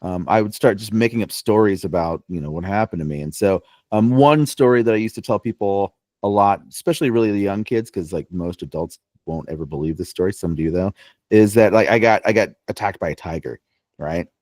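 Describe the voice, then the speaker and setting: A young man co-hosting a podcast tells playful, joking stories in casual chat, teasing as he goes. His voice is on the low side with a darkish tone, he speaks a little fast, and there's no room sound.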